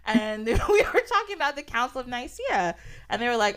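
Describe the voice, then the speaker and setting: A woman's voice: on the high side, very animated, brisk, a bit bright. A woman hosting a podcast in casual chat, laughing often and swearing as she retells stories in quoted voices. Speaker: podcast host.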